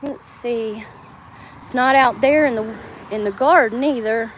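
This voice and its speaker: A middle-aged woman with a drawl talks to her phone camera in a loose, rambling way, laughing often. Her voice sits high. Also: measured pace, slight background noise. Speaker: vlogger. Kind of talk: casual livestream chat. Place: home and yard, outdoors at times.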